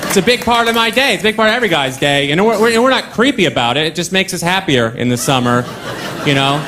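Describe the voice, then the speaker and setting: Dry, offhand stand-up comic. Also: male voice, high voice, lively intonation, quick pace, sharp tone, a faint crowd. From Ottawa, Canada. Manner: dry, offhand delivery with frequent asides. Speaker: stand-up comedian. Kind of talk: stand-up comedy set. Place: comedy club stage. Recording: live club, audience and noise.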